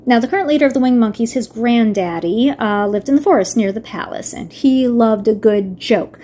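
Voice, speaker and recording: A woman with a somewhat high voice narrates a story recap in a casual manner. She moves between reading passages aloud and wry, offhand comments. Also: moderate pace, hardly any pauses, dark tone, a little hiss or hum. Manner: wry asides mixed with read-aloud passages. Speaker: video reviewer. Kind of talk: casual book-summary narration.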